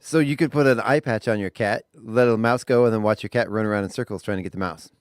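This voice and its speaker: A man's voice: on the low side, quick pace, clear, resonant tone, no room sound, clean studio sound. A man co-hosting a radio morning show, chatting in an easygoing, rambling way. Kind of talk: casual radio banter. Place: radio studio. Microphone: studio microphone.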